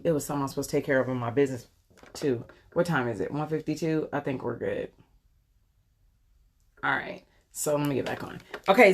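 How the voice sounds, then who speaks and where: A woman in her forties chatting casually on a live makeup stream, rambling with lots of ums as she answers viewers. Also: fairly low pitch. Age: 40s. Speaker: beauty vlogger doing a live makeup tutorial. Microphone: phone camera.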